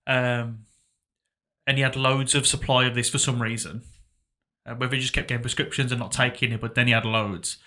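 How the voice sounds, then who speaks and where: Young man, bright tense tone, halting and reflective, casual podcast talk. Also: medium pitch, flat delivery. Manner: halting, reflective, trailing off into quiet asides. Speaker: podcast co-host. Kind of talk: casual emotional conversation.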